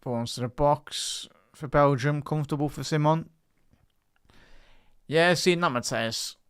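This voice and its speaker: A man's voice: on the high side, measured pace, fairly bright tone, clear, resonant tone, no room sound, studio quality. A man doing live football commentary on a stream, chatting with his viewers between bursts of play-by-play that lift on attacks. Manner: rises and speeds up on attacking moves. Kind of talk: casual live match commentary.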